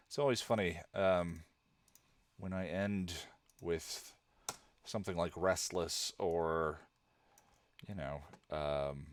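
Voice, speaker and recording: A man hosting a casual live stream while he edits a video review, muttering distracted asides to himself and greeting viewers. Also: low voice. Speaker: channel host editing a video review.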